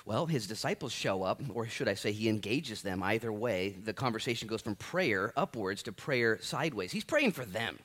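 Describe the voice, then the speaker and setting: Pastor guy in his 30s preaching, animated and self-mocking, pitch all over the place. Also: normal speed, few pauses. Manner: animated, joking and self-deprecating, many restarts. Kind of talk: sermon.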